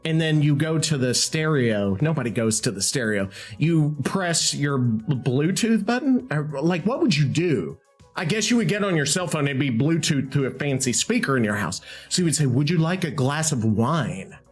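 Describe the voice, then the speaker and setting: A man hosting his own show in a casual, rambling way, excitable and swearing freely. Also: on the high side, normal speed, soft background music. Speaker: host. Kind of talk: casual talk while using AI tools.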